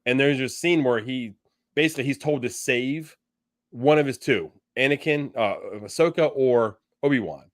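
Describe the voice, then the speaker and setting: Casual podcast co-host, male, mid-pitched, rambling delivery, dry mic. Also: normal speed, no echo. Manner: rambling, many restarts and fillers. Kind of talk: casual fan discussion.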